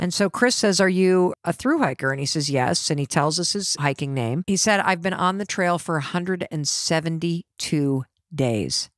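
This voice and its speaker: Middle-aged woman host, lowish voice, lively storyteller who acts out dialogue, dry sound. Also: dry recording. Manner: animated, acts out quoted family dialogue. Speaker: podcast host. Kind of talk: personal storytelling.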